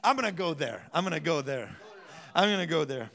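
A man preaching a sermon as a pastor, telling self-mocking stories, laughing often and rising to loud bursts. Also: a little high, lively intonation, fairly quick, gravelly.

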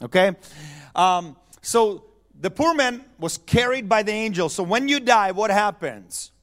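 A man's voice: sits high, animated, unhurried, fairly bright tone. A middle-aged man preaching a conversational sermon, telling the story and checking in with his listeners. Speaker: pastor.

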